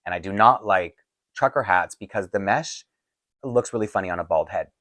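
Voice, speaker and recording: A man's voice: deep voice, normal speed, a bit bright, dry recording. A man hosting a casual question-and-answer video, chatty and rambling, laughing often, with a voice getting tired. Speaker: doll collecting channel host. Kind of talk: casual Q&A chat to camera. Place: home filming set-up.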